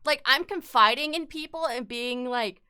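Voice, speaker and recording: Young woman streamer, frank casual chat, smooth and sharp voice. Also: high-pitched, moderate pace. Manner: candid and frank, swears freely; upset, close to tears at times.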